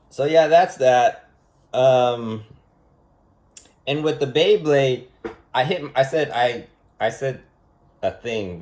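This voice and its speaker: A man's voice: mid-range voice, darkish tone. A man giving a casual, unscripted monologue lesson as a vlogger, rambling and emphatic, repeating himself and asking rhetorical questions.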